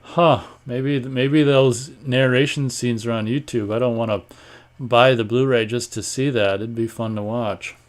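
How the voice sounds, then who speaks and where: A man hosting a live online show, chatting casually and reading viewer comments aloud in a rambling, offhand way, often clearing his throat. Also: medium pitch, steady tone, unhurried. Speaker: host of a live online radio stream.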